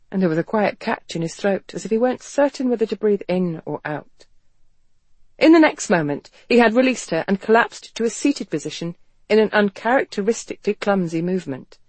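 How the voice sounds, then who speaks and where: An audiobook narrator giving an expressive, measured reading of a romance novel. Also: medium pitch, dry recording. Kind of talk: scripted narration.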